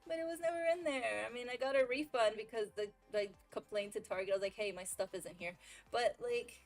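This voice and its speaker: A young woman with a fairly high voice, chatting casually on a gaming stream. She tells a rambling story full of fillers and little laughs. Game music runs faintly behind her. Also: fairly quick. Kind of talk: casual chat while gaming.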